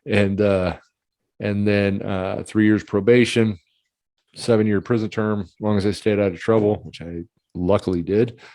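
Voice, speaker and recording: A man with a lowish voice hosts a casual talk and tells his own story openly and chattily, with the odd laugh. His voice is close and dry, with no room sound. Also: steady tone, moderate pace, darkish tone, no room sound. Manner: candid and chatty, laughs and clears throat while telling his story. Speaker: podcast host.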